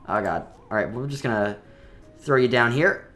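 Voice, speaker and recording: Excitable man rambling over gameplay. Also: mid-range voice, normal speed, soft background music. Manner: enthusiastic, rambling, with many fillers. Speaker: gaming video host. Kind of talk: let's play commentary.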